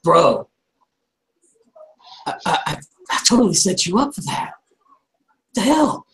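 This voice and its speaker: A man's voice: medium pitch, flat delivery, brisk, lightly acted. A man voicing a laid-back bro party guest with an exasperated, whiny outburst. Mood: indignant.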